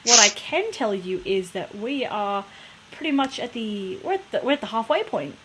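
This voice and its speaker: A woman's voice: on the high side, lively intonation, moderate pace, fairly bright tone, slight background noise, rough recording. A woman co-hosting a podcast in casual chat, unsure of her facts and correcting herself as she goes. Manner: chatty, unsure, self-correcting. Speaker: podcast co-host.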